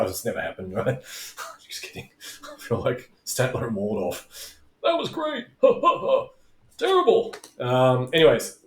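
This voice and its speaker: A man coaching in a loose, rambling way, drifting into tangents and swearing. His voice sits fairly low. The room is echoey around him. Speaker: business coach. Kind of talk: casual talking-head video lesson. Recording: roomy echo.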